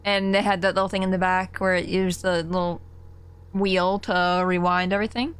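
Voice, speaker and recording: A woman's voice: on the low side, little pitch movement, normal speed, clean tone. A young woman in casual live-stream commentary, giggly and chatty, easily startled as she plays. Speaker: game streamer.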